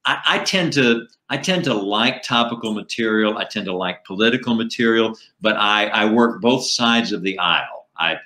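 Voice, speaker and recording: A middle-aged man, a comedian and ventriloquist, telling animated anecdotes in a casual interview. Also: lowish voice, moderate pace, few pauses.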